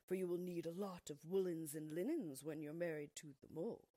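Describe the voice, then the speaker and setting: A woman's voice: fairly low pitch, a little fast, no echo, clean studio sound, natural voice. A woman doing a bossy, scolding field mouse. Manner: scolding, loud and insistent.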